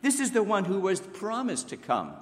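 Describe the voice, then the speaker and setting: Male pastor, sermon, fairly high voice with wide swinging pitch, emphatic delivery, echoing church hall. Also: wildly swooping pitch, moderate pace. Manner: emphatic, swinging from raised exclamations to hushed low asides. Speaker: preacher. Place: church sanctuary.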